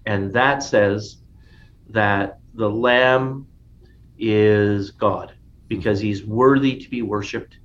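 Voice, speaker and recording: A man's voice: on the low side, steady tone, takes it slowly. A man teaching a casual Bible study in an enthusiastic, conversational way, often restarting his sentences. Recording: dull lo-fi sound with faint noise.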